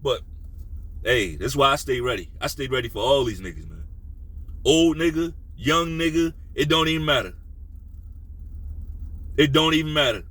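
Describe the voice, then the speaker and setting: A man hosting a sports talk video, ranting bluntly and profanely, sometimes dropping to a low menacing voice. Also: expressive, moderate pace, long pauses, a bit bright, poor audio. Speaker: sports commentary host. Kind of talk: casual opinion rant.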